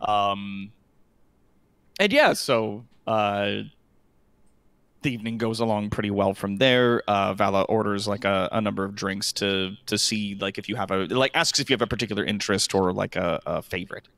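A man's voice: lowish voice, normal speed, a bit bright, no echo. A man narrating a tabletop role-playing game as game master, rambling with lots of fillers.

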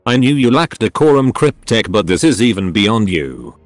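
A man's voice: on the low side, sing-song, moderate pace, no echo, faint music behind. A man's synthetic voice reading the lines of a cold, scolding female necron executioner who hisses her words. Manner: hissing, scolding.

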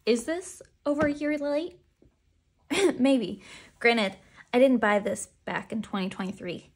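A woman's voice: on the high side, a little slow. Chatty woman unboxing with giggly asides. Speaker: unboxing vlogger. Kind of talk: casual unboxing chat.

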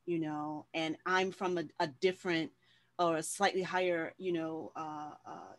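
A woman's voice: low voice, unhurried. A woman moderating a discussion, chatty and personal, with frequent fillers and restarts. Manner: warm-hearted, chatty, many fillers and restarts. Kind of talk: casual conversational hosting.

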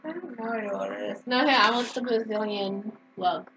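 A woman hosting a casual gameplay video, excitable and giggly as she comments. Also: medium pitch, normal speed, gravelly, muffled recording. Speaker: channel host. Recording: noisy background.

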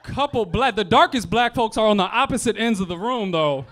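Lively high-voiced male stand-up comic. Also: fairly quick. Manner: animated, playful, acts out characters in voices. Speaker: stand-up comedian. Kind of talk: stand-up comedy set. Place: comedy club stage before a laughing audience.

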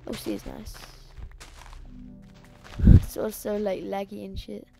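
A woman's voice: mid-range voice, little pitch movement, takes it slowly, gravelly, dark tone, soft background music. A woman giving rambling, sweary let's play commentary. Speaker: gamer.

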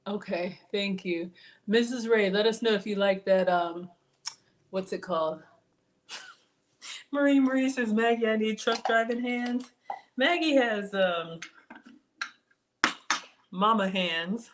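A woman's voice: mid-range voice, slow pace, long pauses, a little hiss or hum. A woman chatting through a live cooking stream from her home kitchen, reading viewers' comments aloud and talking to them by name. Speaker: cooking channel host.

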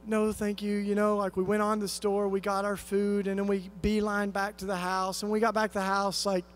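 High pitched guy from east tennessee, earnest storytelling sermon, lots of fillers and restarts. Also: monotone, a little fast, soft background music. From East Tennessee, USA. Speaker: conference speaker.

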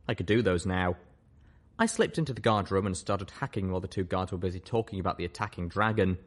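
Male audiobook reader with a fairly low voice, measured first-person narration. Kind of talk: audiobook narration of fan fiction.

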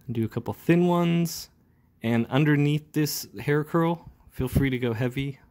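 A man's voice: fairly high pitch, unhurried, darkish tone. Laid-back man talking through an inking tutorial. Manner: casual, talks while working, with fillers. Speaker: comic book inker. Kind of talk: relaxed ink-along tutorial narration.

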